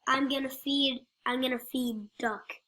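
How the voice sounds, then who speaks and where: A woman's voice: high voice, fairly even intonation, a little slow, bright, forceful tone. A woman giving playful, rambling gameplay commentary, joking and talking to the other players.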